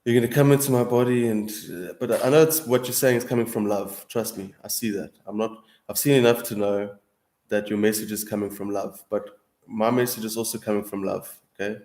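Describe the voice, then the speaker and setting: A man's voice: fairly low pitch, steady tone, brisk, a little mellow. A young man in a casual, heated monologue, swearing often and calling the listener bro and dude. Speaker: streamer answering viewers. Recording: echoey room.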